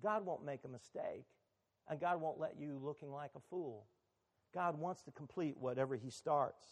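Pastor guy preaching, chatty then punchy, kinda higher-pitched voice. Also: moderate pace. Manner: conversational preaching, rising to emphatic. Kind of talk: sermon.

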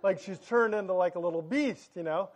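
High-voiced excited male pastor preaching. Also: brisk, dull audio. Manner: joking, storytelling, loud and excited. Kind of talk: sermon. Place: church sanctuary.

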